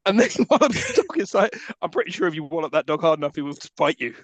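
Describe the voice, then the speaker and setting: Male podcast co-host, high, lively, sardonic. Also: racing, no room sound. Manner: wry, sarcastic jokes. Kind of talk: casual chat recapping a film.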